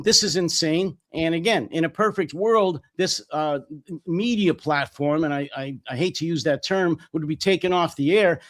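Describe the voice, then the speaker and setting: A man's voice: fairly high pitch, a bit bright. An American man hosting a political talk show, speaking indignantly and emphatically with some hesitations. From United States. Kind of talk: political commentary chat.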